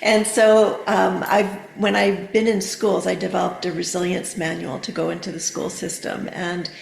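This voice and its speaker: A middle-aged woman, a therapeutic coach on a podcast, explaining gently with many fillers. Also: fairly low pitch, level tone, moderate pace, vocal fry, roomy sound. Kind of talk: casual podcast conversation.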